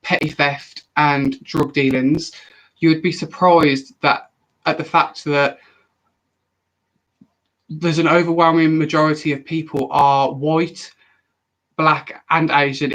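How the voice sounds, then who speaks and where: A young man chats on a live stream, his voice sitting a little higher than most men's. He answers viewer questions in a loose, rambling way, jumping in animatedly and often breaking off mid-sentence to start again. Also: a bit bright, low-quality recording. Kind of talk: casual live chat.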